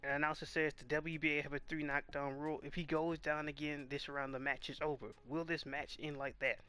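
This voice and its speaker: A man's voice: on the high side, flat delivery, a little fast, bright, forceful tone, clean tone, faint music behind. Stammering man narrating anime fight. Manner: stammering, restarting, reading subtitles aloud. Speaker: video host reacting to a boxing anime. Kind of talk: casual narrated watch-along.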